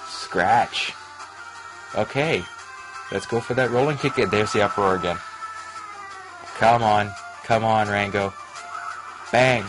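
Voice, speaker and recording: A man hosting a let's play, giving rambling gameplay commentary with excitable reactions. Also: lowish voice, slow, pauses often, poor audio. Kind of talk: gaming commentary. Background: game music.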